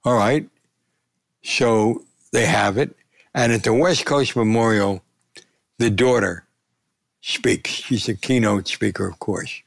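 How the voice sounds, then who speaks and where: Older storyteller, gravelly voice, rises to punchlines, dry close recording. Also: male voice, fairly low pitch, takes it slowly, pauses often, dry recording. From United States. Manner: animated anecdote telling, voice rising for punchlines. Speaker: veteran sports columnist, guest. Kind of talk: storytelling interview.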